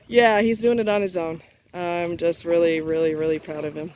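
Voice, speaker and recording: A woman's voice: on the low side, expressive, unhurried, darkish tone, a little hiss or hum. A woman chatting casually to her viewers outdoors by a lake, coaxing and praising her dog. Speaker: vlogger. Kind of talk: casual vlog commentary.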